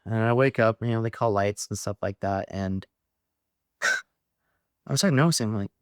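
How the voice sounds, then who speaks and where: A man's voice: lowish voice, moderate pace, smooth, no echo, studio quality. Profane young man telling stories. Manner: profane, animated storytelling with laughs. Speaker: podcast guest, Marine veteran. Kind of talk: casual storytelling.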